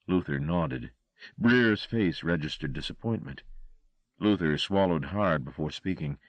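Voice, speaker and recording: A man narrating a horror audiobook with an expressive, dramatic reading. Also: sits low, unhurried, no room sound, lo-fi sound.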